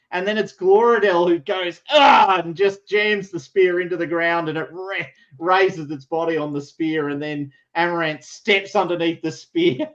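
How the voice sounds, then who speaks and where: Animated man running a tabletop game. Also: a little high, muffled recording. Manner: animated, chatty. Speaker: game master.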